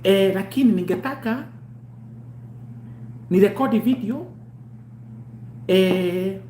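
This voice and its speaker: A man's voice: high voice, unhurried, pauses often. A Kenyan man hosting a show, telling a story casually and acting out the dialogue, slipping into Swahili slang. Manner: animated, mixes English and Swahili slang, acts out dialogue. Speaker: show host. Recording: echoey room with faint hum.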